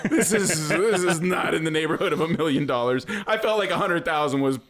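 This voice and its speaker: A man's voice: on the high side, brisk. A man telling a story on a podcast in casual chat, laughing often and acting out the people in it. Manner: animated, laughs often, acts out quotes.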